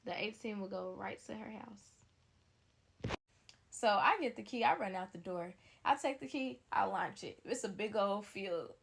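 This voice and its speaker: Sassy, gravelly-voiced storytelling woman. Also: medium pitch, unhurried, a little hiss or hum. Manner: animated, sassy, talks to viewers as "y'all". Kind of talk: casual storytime narration.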